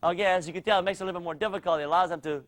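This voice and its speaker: A man's voice: high-pitched, rapid-fire. A man teaching a kids' martial arts class, calling out drills with energy in a studio. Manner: energetic coaching, calls out drills.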